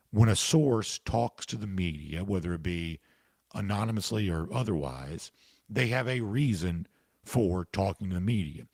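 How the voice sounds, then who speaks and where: Man, sports talk host, deep gravelly voice, husky tone, opinionated, conversational, hiccups. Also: no echo. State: has the hiccups. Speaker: podcast host answering listener comments. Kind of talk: casual opinion commentary.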